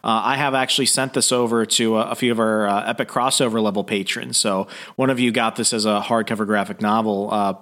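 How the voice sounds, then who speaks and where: Halting, casual podcast host. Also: male voice, lowish voice, fairly even intonation, a bit bright. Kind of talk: casual comic book review.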